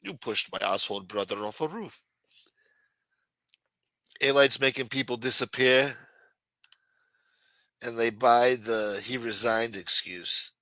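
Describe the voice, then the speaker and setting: A man's voice: mid-range voice, lively intonation, slow, long pauses, pushed and bright, no echo, rough recording. Profane, teasing male livestream host. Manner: profane, teasing, riffs on viewer chat. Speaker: live show host. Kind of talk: casual live-stream chat.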